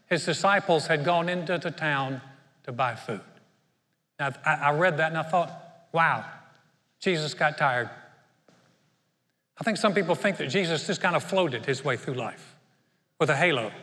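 A man delivers a sermon in a high, bright voice. He tells the story conversationally, often restarting his sentences. His voice rings with a long reverb, as in a church hall. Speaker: pastor.

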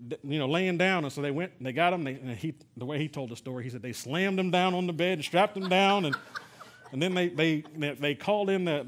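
A middle-aged man from Texas preaching a sermon, telling a personal story in a conversational way with many fillers and restarts. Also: on the high side. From San Antonio, Texas. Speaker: pastor.

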